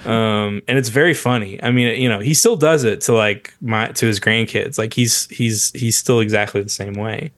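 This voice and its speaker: A man co-hosting a casual comedy podcast, rambling and halting, with frequent laughs. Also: on the low side, a bit bright, no room sound. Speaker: podcast co-host.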